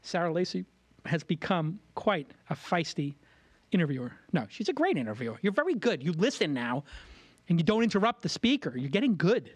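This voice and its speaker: A man's voice: a little high, sing-song, fairly quick, dry recording. A man from Brooklyn hosting a podcast, talking in a rambling, candid way and often correcting himself mid-sentence. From Brooklyn, New York. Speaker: podcast host. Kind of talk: casual studio chat.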